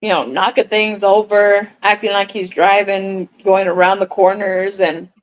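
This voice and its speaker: A woman chatting on a crochet livestream, telling a story in a lively way, acting out what people said and swearing now and then. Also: medium pitch, measured pace, low-quality recording. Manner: animated storyteller, acts out dialogue, swears casually. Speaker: crochet content creator on a livestream. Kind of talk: casual livestream chat, storytelling.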